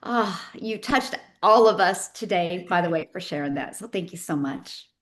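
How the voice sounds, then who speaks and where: A woman's voice: fairly low pitch, animated, normal speed. A woman hosting an online training call, enthusiastic and encouraging toward her guest. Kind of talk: casual live call.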